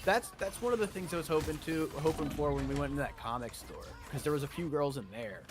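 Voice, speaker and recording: A man's voice: on the high side, quick pace, over music. A man telling a story in casual chat with friends, swearing freely and acting out what others said. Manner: animated, swears a lot, acts out quotes. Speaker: streamer.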